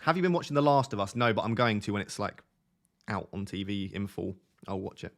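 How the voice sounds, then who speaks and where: A young man from Essex with a softened Essex accent, chatting casually on a live stream, reading out viewer questions and laughing often. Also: on the low side, expressive, a little fast. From Essex, England. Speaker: fantasy football streamer.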